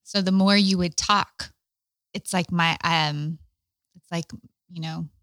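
Bright-voiced woman, reflective podcast talk. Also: on the low side, steady tone, takes it slowly, no room sound. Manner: reflective, soft-spoken, brief affirmations. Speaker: podcast co-host. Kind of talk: casual couple's podcast chat.

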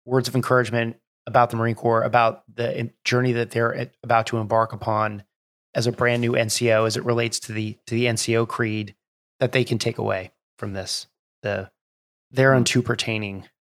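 A man's voice: mid-range voice, level tone, a little fast, a bit bright. A man hosting a podcast, asking long rambling questions that restart mid-sentence. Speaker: podcast host. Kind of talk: interview questions.

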